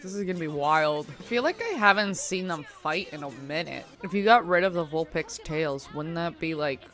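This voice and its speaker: A woman's voice: sits low, animated, moderate pace, fairly bright tone, faint music behind. A young woman casually commenting while she watches a cartoon, chatty and amused, talking back to the screen. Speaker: reaction vlogger.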